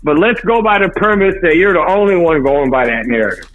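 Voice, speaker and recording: Caller on a phone line, high-pitched, argues back fast. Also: male voice, lively intonation, faint music behind. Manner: pushback, quick interjections. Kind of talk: heated podcast debate.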